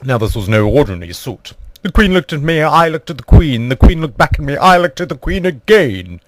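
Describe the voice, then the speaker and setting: A man's voice: on the high side, sing-song, brisk, no room sound. Man telling a rambling mock-posh tale. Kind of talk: absurd comic storytelling.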